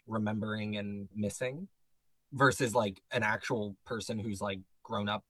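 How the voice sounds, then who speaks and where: A man, a band member, chatting casually in an interview, animated, laughing often and jumping up high on exclamations. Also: measured pace, husky, no echo, low-quality recording.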